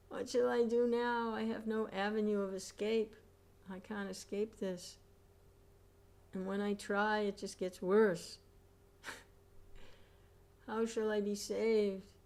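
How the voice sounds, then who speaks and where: A woman voicing a tormented man who pleads desperately as he flees punishment, her voice raised and high. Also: flat delivery, extremely slow, pauses often, bright, forceful tone, heavily acted.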